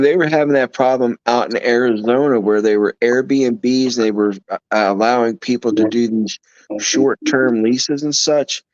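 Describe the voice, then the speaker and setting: Easygoing low voice guy hosting a stream, dry dull audio. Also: a little mellow, no room sound. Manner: easygoing, corny jokes. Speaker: host of a live stream. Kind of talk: casual chat.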